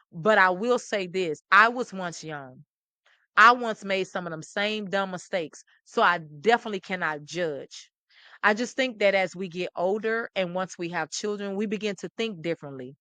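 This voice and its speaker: A middle-aged woman host, talking with animated, preachy emphasis and repeating phrases. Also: medium pitch, no room sound. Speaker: talk show host. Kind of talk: impassioned commentary to camera.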